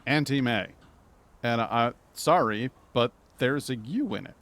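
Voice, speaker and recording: Streaming a video game, a man with a New England accent from Massachusetts rambles in casual chatter and pokes fun at himself. His medium-pitched, slightly bright voice has lively intonation and a somewhat slow pace.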